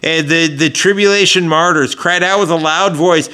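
A man's voice: fairly high pitch, fairly even intonation, normal speed, few pauses, bright, forceful tone, smooth. A man preaching a sermon in a conversational way, with frequent fillers and restarts as he explains scripture. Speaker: pastor.

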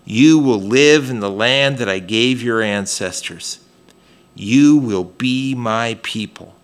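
A man's voice: medium pitch, takes it slowly, clean tone. A man preaching a sermon in a conversational way, with frequent fillers and restarts as he explains scripture. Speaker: pastor.

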